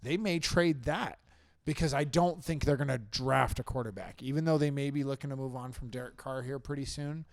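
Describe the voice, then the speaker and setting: A man's voice: mid-range voice, brisk, no echo, studio quality. A man co-hosting a podcast, chatting casually and confidently about football picks and trades. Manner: opinionated, confident football predictions. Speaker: podcast co-host. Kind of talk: casual sports chat.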